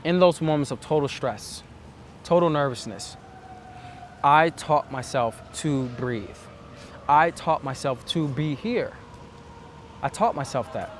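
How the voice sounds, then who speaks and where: A man's voice: a little high, animated, slow pace, pauses often, a little hiss or hum. A man giving earnest, reflective dating advice as a coach, acting out the self-talk he describes. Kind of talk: instructional monologue.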